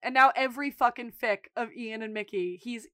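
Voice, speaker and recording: A woman co-hosts a casual podcast, walking through scenes and acting out the characters' lines as she goes. Her voice sits a bit high, and the recording is dry and close with no room sound. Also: a little fast, no echo. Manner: animated retelling, acting out quotes. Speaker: podcast co-host recapping episodes. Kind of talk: casual chat.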